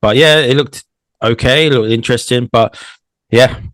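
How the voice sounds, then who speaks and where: A man's voice: medium pitch, normal speed, a bit bright, no echo. A man with a London accent, co-hosting a casual gaming podcast and rambling off on tangents. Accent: London English. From England. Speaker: podcast co-host. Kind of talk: casual chat.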